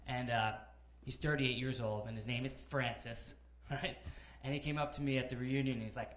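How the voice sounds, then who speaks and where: A man in his thirties doing a conversational stand-up set in a comedy club, animated storytelling with acted-out characters. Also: medium pitch, normal speed, few pauses, echoey room. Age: 30s. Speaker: stand-up comic.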